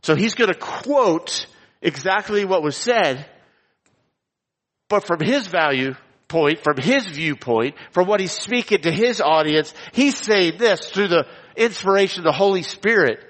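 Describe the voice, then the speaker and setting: Emphatic preacher, higher-voiced man, hall. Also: lively intonation, a bit bright. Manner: emphatic, repeats key phrases, slows down for stress. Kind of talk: expository sermon with scripture reading. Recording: long reverb of a large hall.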